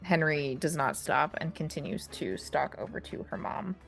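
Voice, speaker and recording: Female game master, very low gravelly voice, faint music behind. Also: moderate pace. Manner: relaxed, frequent fillers. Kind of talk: narrating a tabletop game.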